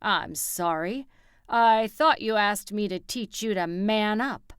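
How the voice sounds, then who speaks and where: A woman's voice: mid-range voice, slow pace, fairly bright tone, clear, resonant tone, no room sound, studio quality. A woman voicing a cocky, macho man who barks orders and taunts his brother as his gym trainer, in an audiobook. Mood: taunting. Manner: barking, taunting commands.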